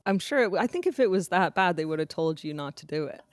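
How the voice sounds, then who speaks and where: A woman's voice: on the low side, no echo. Laughing woman telling stories. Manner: animated storyteller, quick laughs. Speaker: podcast co-host. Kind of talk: casual chat.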